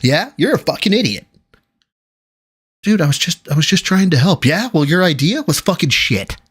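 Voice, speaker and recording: A man's voice: on the high side, big pitch swings, normal speed, a bit bright, slightly rough. A man doing casual livestream commentary, sarcastic and profane, mocking the clip he reacts to. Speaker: streamer reacting to clips.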